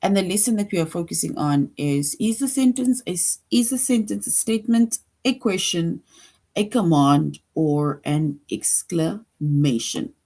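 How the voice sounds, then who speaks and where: Slow, patient woman teaching young children. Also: lowish voice, expressive, warm tone. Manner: slow, patient, repeats points with frequent "right?". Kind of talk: online lesson for young children.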